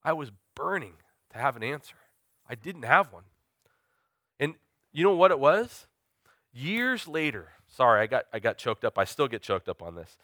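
Guy preaching a sermon, earnest and confessional, keeps asking the crowd questions, sharp bright tone. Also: mid-range voice, no room sound, clean studio sound. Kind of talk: sermon with personal testimony.

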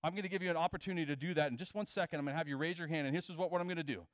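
Male preacher, fairly high voice, conversational sermon delivery with questions to the audience; dull, dry recording. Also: very fast, no room sound.

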